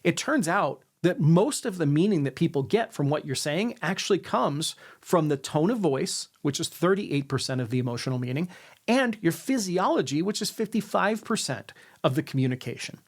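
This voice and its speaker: A man with a somewhat raised pitch delivers an instructional lesson on persuasion. He often checks in with "right?" and deliberately lets his sentences drop at the end. The delivery is that of a coach talking straight to camera. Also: lively intonation. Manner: demonstrates intonation, ends sentences on a lower note; tags questions with "right?". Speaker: sales and influence coach.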